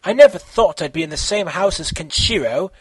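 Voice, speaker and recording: A man voicing an excitable teenage anime girl who squeals and talks hyper. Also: high voice, fairly quick, breathy edge, no echo. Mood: squealing.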